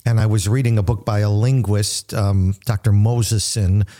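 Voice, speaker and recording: Man, host, mellow dark tone, teacherly, explains step by step. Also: on the low side, little pitch movement, moderate pace. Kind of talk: casual radio talk.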